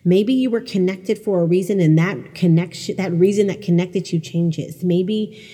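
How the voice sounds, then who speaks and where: Middle-aged woman host, low husky voice, candid and self-deprecating, reverby room. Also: normal speed, dark tone. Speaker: podcast host. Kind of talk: personal storytelling monologue.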